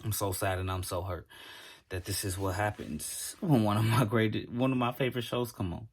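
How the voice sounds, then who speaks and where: A man giving a casual reaction review of a TV episode, talking straight to his viewers in an animated way. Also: on the low side, normal speed, slightly rough.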